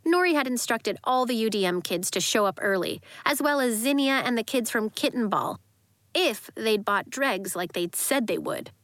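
A woman narrating a children's story in a lively, expressive way. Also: a little high, moderate pace, dry recording. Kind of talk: audiobook narration.

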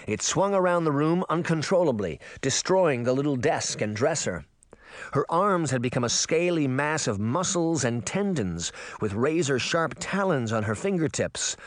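A man narrating an audiobook with expressive, dramatic storytelling. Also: fairly high pitch, moderate pace, no room sound, clean studio sound. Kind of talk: audiobook reading.

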